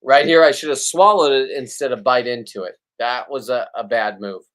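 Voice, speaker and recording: A man's voice: medium pitch, moderate pace, fairly bright tone, slight background noise. A man talking to the camera in a casual fishing vlog, blunt and rambling, joking about himself. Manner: blunt, rambling, self-deprecating. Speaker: fishing vlogger.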